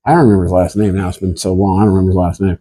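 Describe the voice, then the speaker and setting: A man telling a rambling, animated comic story, laughing through it and acting out the people in it. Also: low voice, rapid-fire, slightly rough.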